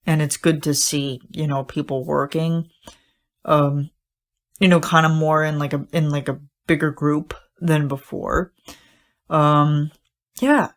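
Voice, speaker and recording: A young woman with a low-pitched voice hosts a casual solo podcast. She gushes and rambles, and her talk is full of fillers, likes and false starts. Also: flat delivery, slow pace. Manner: gushing, rambling, many fillers and restarts. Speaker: podcast host.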